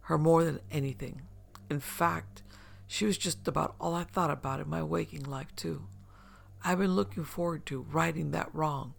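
A man telling a first-person story in a soft, measured voice that turns hushed at times. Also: fairly high pitch, steady tone, creaky. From upstate New York. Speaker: narrator.

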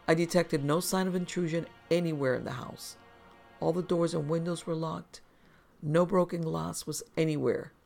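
A deeply gravelly, creaky narrator reads scary first-person stories in a steady, measured way, at a middling pitch. Faint music plays underneath the voice throughout. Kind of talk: scripted horror story narration.

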